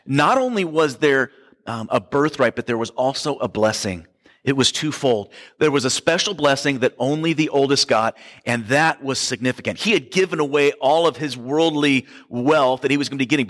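A man's voice: mid-range voice, moderate pace, a bit bright. A man preaching a sermon, retelling a story in a casual, joking way. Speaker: pastor. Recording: long hall reverb.

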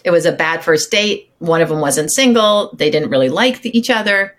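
A woman on a podcast as a relationship coach, her voice slightly low for a woman. She hands out advice in an upbeat way and speeds up whenever she makes a point. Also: lively intonation, normal speed, fairly bright tone. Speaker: intimacy coach, guest. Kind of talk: casual conversational interview.

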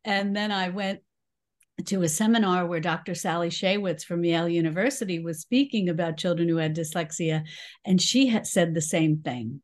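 A woman's voice: on the low side, moderate pace. A woman in her sixties from New York City with a New York accent, chatting as an interview guest with frequent laughs and fillers. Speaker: guest, cooking teacher. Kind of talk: casual interview chat.

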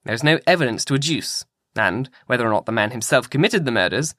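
A man reading an audiobook in a measured, grave manner. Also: mid-range voice, expressive, fairly bright tone, no echo, studio quality. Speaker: audiobook narrator.

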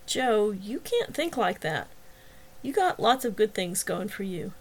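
A kind young firefighter speaks patiently and reassuringly, as a woman reads him aloud. His tone stays steady in a storybook reading. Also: high-pitched, measured pace, exaggerated voice, low-quality recording.

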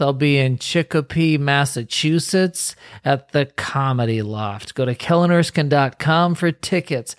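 Forties male co-host, dry deadpan humor, middle pitch, dry booth sound. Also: dry recording. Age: 40s. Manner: dry, joking delivery. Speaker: podcast co-host. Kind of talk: casual podcast chat.

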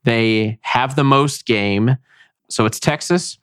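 Guy hosting a podcast, all excited, super dry close sound. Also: medium pitch, slow, clean tone, no echo. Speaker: podcast host. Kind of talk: casual chat.

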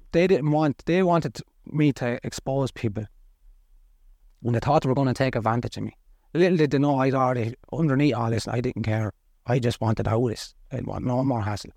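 A man's voice: medium pitch, brisk, vocal fry, a little mellow, no echo, clean studio sound. Earnest Irish man recounting hard times. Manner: earnest, blunt, colloquial. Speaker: podcast guest. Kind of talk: candid personal storytelling.

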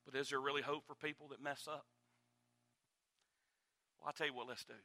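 Male pastor, high and bright, dramatic sermon delivery, dry mic. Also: flat delivery, a little fast, no echo. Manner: dramatic swings from loud to hushed. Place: church.

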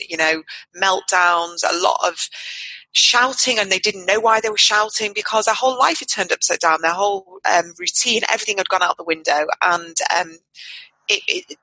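A woman's voice: medium pitch, expressive, normal speed, pushed and bright, husky, dry recording, rough recording. A mother of four talking earnestly as a podcast guest, often restarting her sentences with fillers. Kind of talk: casual podcast conversation. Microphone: podcast microphone.

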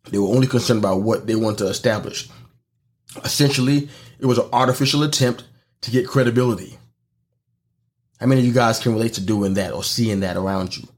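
A middle-aged man with a somewhat low voice preaches in a relaxed, conversational way. He speaks to his listeners directly and asks them rhetorical questions. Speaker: podcast host and preacher. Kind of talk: podcast sermon.

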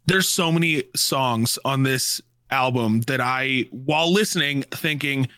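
A man's voice: medium pitch, a little slow, pushed and bright, no echo, studio quality. A man co-hosting a podcast in casual, jokey chat, swearing freely. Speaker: podcast co-host.

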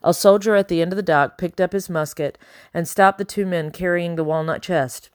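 A woman reads a first-person audiobook in a steady, measured way, her voice sitting a little low. She is close to the mic, and the sound is dry with no room around it. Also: clear, resonant tone, no echo. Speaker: audiobook narrator.

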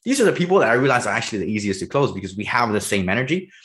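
A man in his early twenties, a salesperson talking in a casual conversation, energetic and animated, laughing often. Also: medium pitch, very fast. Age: early 20s.

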